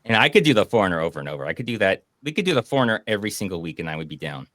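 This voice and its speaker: A man's voice: lowish voice, racing, no room sound, studio quality. Rambling man hosting a movie stream. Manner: rambling, animated retelling of film scenes. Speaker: podcast host. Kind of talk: casual stream chat about movies.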